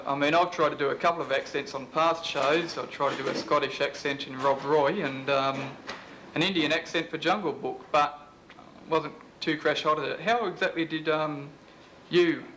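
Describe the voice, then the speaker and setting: A man with an Australian accent hosting and interviewing a guest in a brisk, mock-serious way. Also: fairly high pitch, fairly even intonation, fairly bright tone, a little hiss or hum, low-quality recording. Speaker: host.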